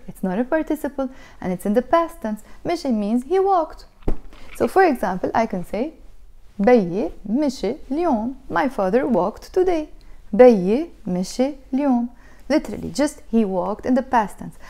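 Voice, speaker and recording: Woman teacher, higher-pitched and warm in tone, patient, says each phrase twice. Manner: patient, repeats phrases slowly for learners. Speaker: language teacher. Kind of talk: explaining a language lesson.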